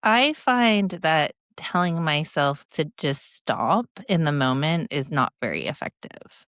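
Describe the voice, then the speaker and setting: Low-voiced, unhurried woman coaching guest. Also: lively intonation, fairly bright tone, dry recording, studio quality. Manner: reflective, storytelling, coaching tone. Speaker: guest speaker and leadership coach. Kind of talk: podcast interview.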